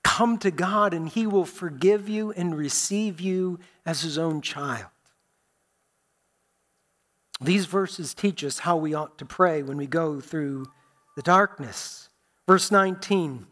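A man preaching a sermon as pastor, earnest and deliberate, dropping to soft low phrases.

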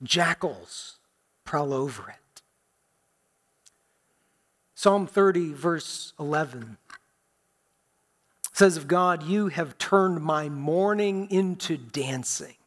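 A man preaching a sermon as pastor, earnest and deliberate, dropping to soft low phrases. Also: expressive.

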